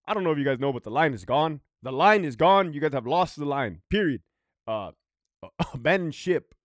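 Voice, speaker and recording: A man's voice: a little high, animated, normal speed, no echo, studio quality. A man, a former prison guard, telling stories in a casual, profane, emphatic way, often checking in with "right?". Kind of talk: casual storytelling monologue.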